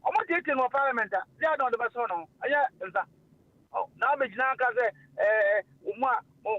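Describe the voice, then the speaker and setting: A man hosting casual radio talk, animated and full of fillers. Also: extremely high pitch, brisk. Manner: animated, mixing languages, frequent fillers and laughs. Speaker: radio host. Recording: lo-fi radio stream.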